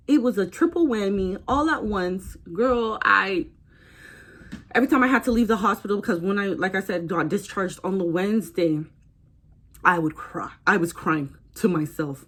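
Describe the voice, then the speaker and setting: A young woman vlogger chatting casually while she gets ready, telling a long personal story with lively asides. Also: medium pitch. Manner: chatty and animated, breaks into quoted voices.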